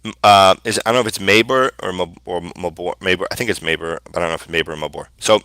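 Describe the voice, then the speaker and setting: A man hosting a live Q&A as a sales coach, talking in a casual, energetic way with many fillers and restarts. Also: sits low, racing, smooth, no echo, poor audio.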